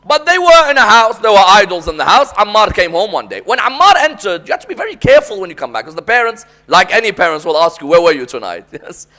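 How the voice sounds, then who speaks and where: A man's voice: high voice, very animated, fast, hardly any pauses, pushed and bright. A man preaching a sermon as a dramatic story, often prompting the audience to respond.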